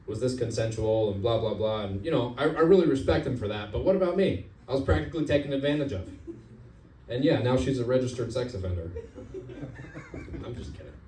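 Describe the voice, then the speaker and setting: A young man telling a stand-up story at an open mic, in a halting deadpan delivery full of "uh" pauses, on a comedy club stage. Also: medium pitch. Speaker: stand-up comic. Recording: roomy club sound from far off.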